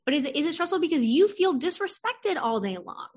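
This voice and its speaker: A woman hosts a casual interview in an animated, lively way. She acts out her clients' lines as she tells stories, swears now and then, and laughs often. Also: high-pitched, fairly quick. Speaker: podcast host and therapist.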